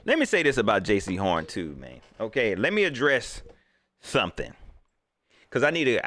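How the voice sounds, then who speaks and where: A man hosting a casual sports fan livestream, swinging between loud outbursts and low mutters, with colloquial speech and mocking impressions of coaches. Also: dry recording. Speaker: sports fan channel host.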